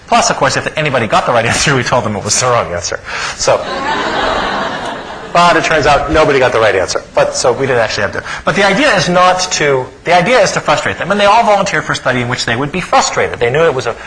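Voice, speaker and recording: Animated man lecturing, checking in often. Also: mid-range voice, quick pace, background noise. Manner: animated, frequent "okay?" check-ins. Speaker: psychology professor lecturing.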